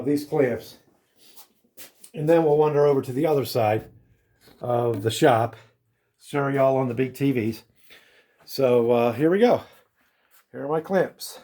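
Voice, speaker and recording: A man's voice: fairly high pitch, mellow, a little hiss or hum. A man chatting casually to his viewers while working in his woodworking shop, rambling and wandering between topics. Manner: rambling and meandering. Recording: roomy shop echo.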